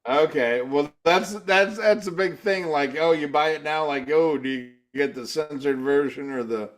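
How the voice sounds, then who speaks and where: A man's voice: on the high side, normal speed. A man co-hosting a casual podcast, rambling, stammering and laughing often. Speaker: podcast co-host.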